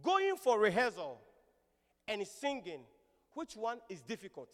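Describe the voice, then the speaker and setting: A man preaching a sermon with a high, strongly rising and falling voice. He speaks in an animated, exclamatory way. His voice rings out through a church hall with a long echo. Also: measured pace. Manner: animated, exclamatory, repeats hallelujah.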